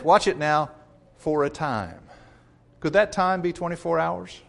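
A man's voice: on the high side, lively intonation, normal speed, vocal fry, fairly bright tone. A man preaching a sermon, emphatic, reading scripture aloud and calling his listeners folks.

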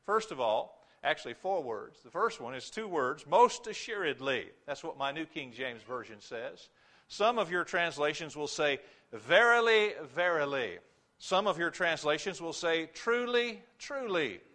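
Male preacher with a high, bright voice, emphatic, hammers key words in his sermon. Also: expressive, moderate pace.

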